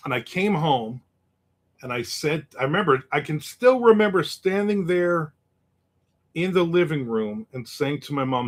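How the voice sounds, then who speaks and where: A man's voice: on the high side, animated, a little slow. Male host, 50s, casual livestream chat; rambling, wisecracking, chuckles often.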